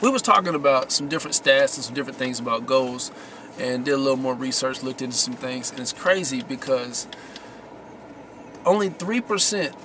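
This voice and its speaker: Against background noise, a man with a medium-pitched voice talks to camera as a vlogger offering casual success tips. He's slangy and emphatic, hammering his key words through repetition.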